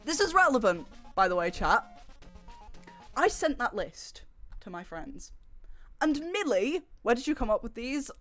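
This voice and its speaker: A young woman livestreamer chatting casually to her viewers, telling stories with animated sarcasm. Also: a little high, unhurried, pauses often, soft background music. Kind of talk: casual stream chat.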